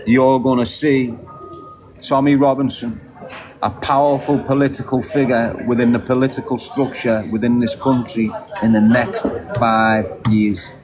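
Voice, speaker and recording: A man from England with a Scouse accent, delivering a heated, sweary, opinionated rant that repeats its points forcefully. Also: mid-range voice, little pitch movement, unhurried, poor audio. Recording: loud crowd behind the voice.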